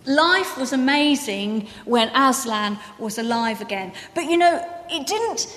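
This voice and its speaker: A woman preacher giving a sermon in church, gentle and conversational, her voice softening at the ends of phrases. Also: high-pitched, expressive, a little slow, in a large hall. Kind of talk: sermon with a reading from a book.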